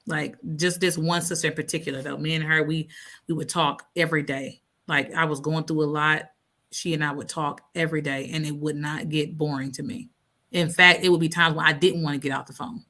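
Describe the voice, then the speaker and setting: Woman in her 30s chatting on a live stream, bright voice, laughs a lot, acts out little scenes. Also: deep voice, fairly quick. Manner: lively, laughing, acts out her own quoted thoughts. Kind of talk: casual live-stream chat reading comments.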